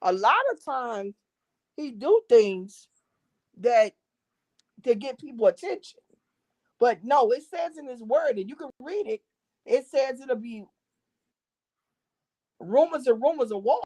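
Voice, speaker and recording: A slightly high, a little mellow voice with lively intonation belongs to a middle-aged gospel singer and drummer interviewed about her faith. She takes it slowly with long pauses, yet stays emphatic and preachy, repeating key phrases; the recording sounds dull, dry and lo-fi.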